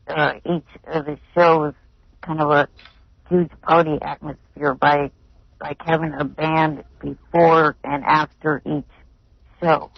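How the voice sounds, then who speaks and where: Man, caller, gravelly fry, hesitant and halting, slightly high, dull dry line. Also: no room sound. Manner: hesitant, halting, full of fillers. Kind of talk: phone-in call.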